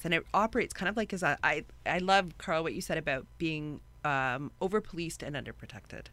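A woman's voice: low voice, fairly quick, hardly any pauses, fairly bright tone. A woman talking as a guest in a podcast discussion, thoughtful, with many fillers and "right?" tags. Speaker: guest, university academic.

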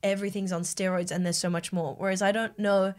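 A woman's voice: mid-range voice, flat delivery, fast, a little mellow. An Australian woman in casual chat, rambling and enthusiastic. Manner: rambling, enthusiastic, laughs easily.

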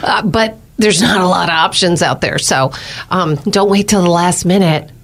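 A woman's voice: on the low side, moderate pace. A woman co-hosting a morning radio news show, chatty and teasing, laughing easily. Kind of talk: casual morning radio banter.

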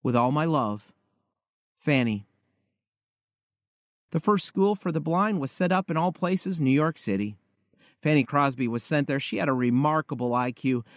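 A man preaching, telling a story in a measured, storytelling manner. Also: fairly high pitch, dry recording, studio quality. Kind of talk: sermon storytelling.

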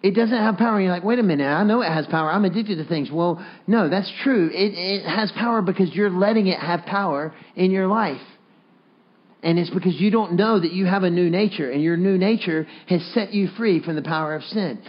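Earnest preacher, slightly muffled. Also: male voice, high-pitched, moderate pace. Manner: leads the congregation in call-and-response, earnest and coaxing. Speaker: pastor. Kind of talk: sermon.

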